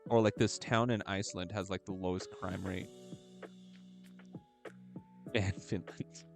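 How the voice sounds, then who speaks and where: A man's voice: low voice, fairly even intonation, unhurried, vocal fry. A man from the United States chatting casually while streaming a game, joking around and fumbling as he reads aloud. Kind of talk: casual chat while gaming. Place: at home, gaming live. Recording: music playing faintly behind.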